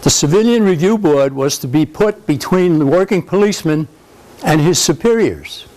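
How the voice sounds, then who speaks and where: A man's voice: on the high side, lively intonation, moderate pace, darkish tone, low-quality recording. An older man speaking informally to an audience at a club event, rambling and conversational with frequent restarts. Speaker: speaker at a political society event. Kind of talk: informal speech to a live audience. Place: country club function room.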